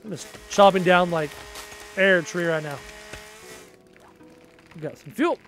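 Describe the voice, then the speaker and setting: With faint music behind him, a young Canadian-accented gamer talks casually on his livestream, thinking aloud and fielding viewer comments. His voice sits high, with a fairly bright tone and an unhurried pace.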